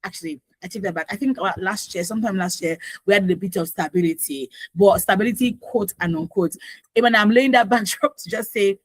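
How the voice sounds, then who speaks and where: A woman with a Nigerian accent hosting morning radio talk, opinionated and animated, full of asides, on a studio microphone. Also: mid-range voice, a little fast, no echo, poor audio. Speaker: radio host.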